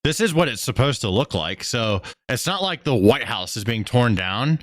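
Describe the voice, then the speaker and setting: A young adult man hosting a casual stream, reacting to clips in a slangy, excitable way with plenty of swearing. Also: medium pitch, normal speed, no echo, clean studio sound. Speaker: streamer host. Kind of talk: casual political commentary stream.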